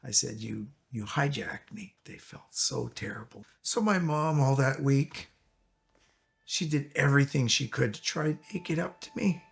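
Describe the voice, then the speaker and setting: A middle-aged man from Canada giving an earnest, reflective personal testimony, with a gravelly voice. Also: mid-range voice, animated, moderate pace. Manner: earnest, reflective, emotional retelling. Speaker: testimony speaker. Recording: music bed under voice.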